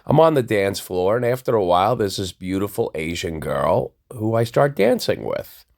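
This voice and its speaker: A man tells his story in a low, gravelly voice. He talks casually and acts out the people he quotes. The pitch sits deep throughout. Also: lively intonation, moderate pace. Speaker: DJ telling a personal story.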